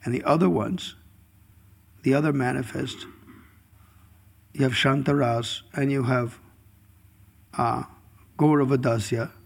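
A man's voice: medium pitch, fairly even intonation, unhurried, creaky, pauses often. A man giving a devotional scripture class in a chuckling, storytelling way, chanting verses at times. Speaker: scripture speaker.

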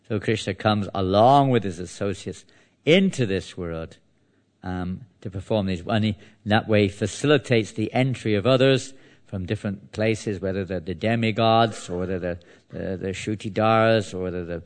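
Male preacher, low voice; devotional sermon, conversational, loose phrasing. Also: normal speed. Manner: conversational, with frequent restarts and "you know". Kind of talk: devotional sermon with scripture reading.

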